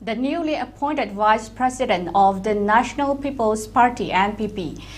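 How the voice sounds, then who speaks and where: A woman from Manipur, anchoring the evening news in a steady, formal read. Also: on the high side, a little hiss or hum. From Manipur, India. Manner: steady formal delivery, brisk headlines.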